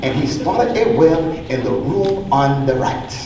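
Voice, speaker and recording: A man's voice: on the high side, very animated, a little slow. Brief: man storyteller, sing-song read-aloud, distant mic, roomy echo, faint noise. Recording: echoey hall from far off, faint noise.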